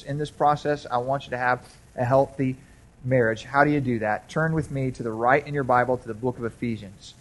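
Male pastor, slightly high voice, preaching to a church congregation in a chatty style, restarts often, checks in with listeners. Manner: conversational preaching, many restarts, asks the congregation questions. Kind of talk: sermon. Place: church sanctuary.

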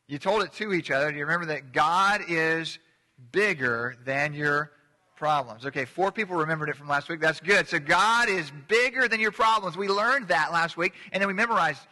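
A middle-aged man preaches a relaxed, joking sermon, pitched slightly high with a bright, pushing tone. He keeps pulling the congregation in to say words along with him. The sound rings out in a large church hall with a long tail of reverb. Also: moderate pace. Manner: chatty, joking, gets the congregation to repeat words. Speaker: pastor. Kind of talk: casual sermon.

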